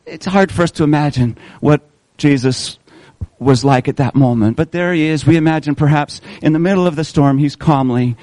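Fairly high-voiced male preacher, close and dry. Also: darkish tone, dry recording, poor audio. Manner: asks the congregation questions, slows for emphasis. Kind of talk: sermon.

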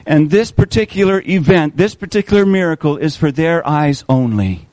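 A man preaching a sermon, asking his listeners questions and slowing down on key words to stress them. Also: a little high, darkish tone, no echo, rough recording. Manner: asks the congregation questions, slows for emphasis.

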